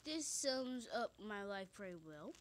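A woman's voice: mid-range voice, big pitch swings, a little slow, slight background noise. A young woman vlogger reading funny kids' notes aloud, giggly and incredulous, dropping into whispered asides.

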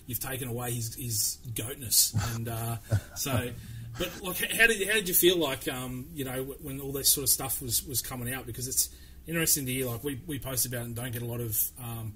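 Male host, casual and matey, rambling questions; bright tone, slight noise. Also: mid-range voice, low-quality recording. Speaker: podcast host. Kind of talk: casual podcast interview.

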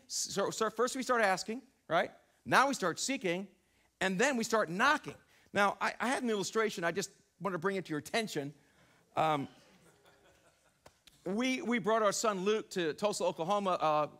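Lively high-voiced preacher man. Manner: animated storytelling, exclaiming and repeating phrases. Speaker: pastor. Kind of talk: sermon. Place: church sanctuary.

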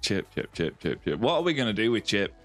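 A man's voice: on the low side, very animated, brisk, a bit bright, soft background music. A man with a Lancashire accent live-streaming a game, bantering and greeting viewers by name. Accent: Lancashire English. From northwest England, Lancashire near Yorkshire.

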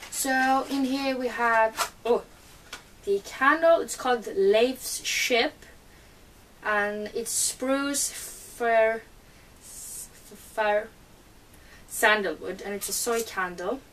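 Woman, fairly high voice, has a cold, chatty unboxing vlog, mic set a little away, faint background hiss. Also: extremely slow, long pauses, fairly bright tone, far from the mic, rough recording. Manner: chatty and eager, many fillers. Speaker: book vlogger. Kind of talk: casual unboxing chat.

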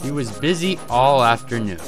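A man reads a children's story aloud with an expressive, lively lilt, his pitch sitting mid-range. A clear music bed plays beneath his narration. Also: normal speed. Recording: music playing underneath.

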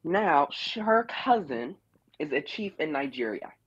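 Over a muffled phone or online call-in line, a caller delivers a casual, blunt, opinionated rant about reality TV, scolding the cast members directly. The voice is medium-pitched, sing-song, unhurried and husky, with no echo.

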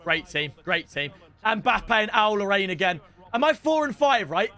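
A young man giving excitable live commentary on a football video game, chatting with his viewers and bursting into shouts. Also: high voice, normal speed. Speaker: streamer.

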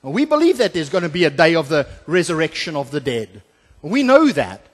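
A pastor with a high voice preaches through a scripture passage, often pausing on "uh" and restarting his sentences. He moves between emphatic, louder passages and quiet, low asides. The sound carries a long church reverb. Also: big pitch swings. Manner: expository preaching with frequent filler "uh" and restarts; swings from emphatic to soft and low. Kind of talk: sermon. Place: church sanctuary.

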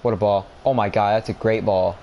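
Low-voiced man yelling at a football game. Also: fairly even intonation, a little fast, vocal fry, dull audio, slight background noise. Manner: self-mocking about his play. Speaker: gamer streaming a football video game. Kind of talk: live gameplay commentary.

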